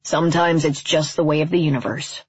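A woman's voice: low-pitched, steady tone, fairly quick, husky, no echo, dull audio. A dry, laid-back young guy, as a woman reads him. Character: wry, laid-back young man, a friend.

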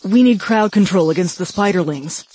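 A man voicing a practical young woman gamer who calmly keeps her team moving. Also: sits high, moderate pace, slight background noise, pitched above the performer's own voice. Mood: urgent. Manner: level-headed, urging the team on. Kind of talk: audiobook character voice.

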